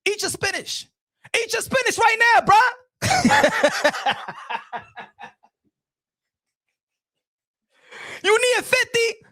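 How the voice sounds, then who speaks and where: A man's voice: very high-pitched, fairly bright tone, no room sound, clean studio sound. A man hosting a casual reaction commentary, ranting in a mocking, profane way. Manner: profane, mocking, laughing rant. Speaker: commentary channel host.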